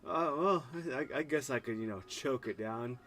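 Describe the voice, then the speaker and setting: A man's voice: medium pitch, moderate pace, fairly bright tone, lightly acted. A man voicing a friendly, easygoing traveling chef who stammers a little.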